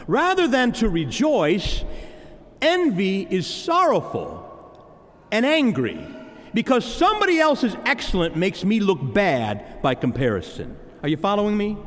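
A man preaches with a high, lively voice that swoops up and down as he drives his points home. He calls out to the congregation directly and leans hard on his emphasis. His voice rings with a long echo, as if in a large hall. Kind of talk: sermon. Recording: reverberant hall.

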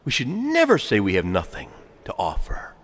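A man preaching a sermon to his congregation, swinging from hushed lines to loud calls and asking them to respond. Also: lowish voice, wildly swooping pitch, normal speed. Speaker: pastor. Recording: reverberant hall.

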